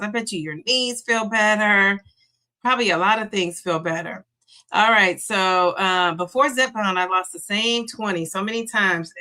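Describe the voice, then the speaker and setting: A middle-aged woman hosts a casual livestream, talking in a chatty, encouraging way as she reads out viewer comments and cheers people on. Her voice sounds bright and forward. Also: mid-range voice. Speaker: livestream host.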